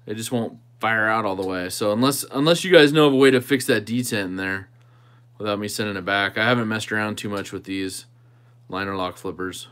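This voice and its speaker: A man's voice: on the low side, a little fast, fairly bright tone, clean tone. A man hosting a knife channel livestream, chatting casually with viewers and thinking aloud while he tinkers with a knife.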